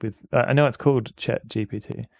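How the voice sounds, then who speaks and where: Creaky-voiced man chatting through a game. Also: mid-range voice, fairly even intonation, fairly quick, no room sound. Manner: chatty, rambling, answers chat. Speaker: streamer. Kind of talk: casual gameplay commentary.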